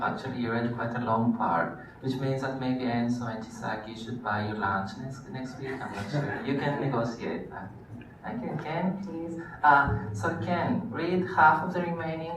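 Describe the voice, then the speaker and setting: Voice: mid-range voice, distant mic. A teacher running a class, friendly, thanking students and laughing often. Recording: echoey classroom from afar, faint noise.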